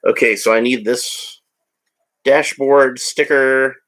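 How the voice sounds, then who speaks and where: A man's voice: mid-range voice, fairly even intonation, slow pace, a bit bright. A man narrating a toy build in a casual, rambling way with joking asides. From United States. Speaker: hobby vlogger.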